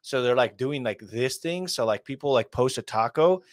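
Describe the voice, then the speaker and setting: A man talks through his reactions in a casual, slangy way, with fillers in nearly every phrase. His pitch bounces around a lot. The sound is dry and close. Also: expressive, normal speed, no echo. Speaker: host.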